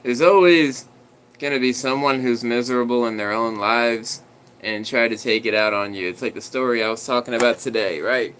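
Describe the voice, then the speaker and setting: A man's voice: mid-range voice, steady tone, normal speed, a bit bright, slight background noise, rough recording. A man livestreaming, telling a story in a rambling, conversational way and talking to his dog.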